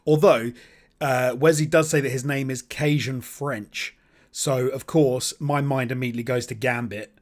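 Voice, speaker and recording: A man's voice: medium pitch, steady tone, moderate pace. A man from the UK co-hosting a podcast in casual chat, talkative and full of questions. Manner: chatty, asks lots of questions. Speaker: podcast co-host.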